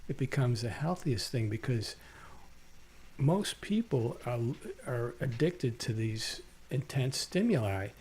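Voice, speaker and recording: A man's voice: mid-range voice, lively intonation, slow, darkish tone, breathy edge. A man interviewing a guest in a casual conversation, affirming often and thinking aloud with fillers. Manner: affirming, thoughtful, many fillers. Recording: faint background noise.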